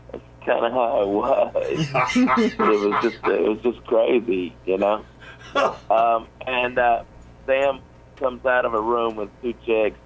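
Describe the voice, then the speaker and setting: A man's voice: lowish voice, phone-quality sound. A man in his forties, a comedian, telling a rambling story on a radio show, full of fillers and restarts. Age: 40s. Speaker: comedian guest.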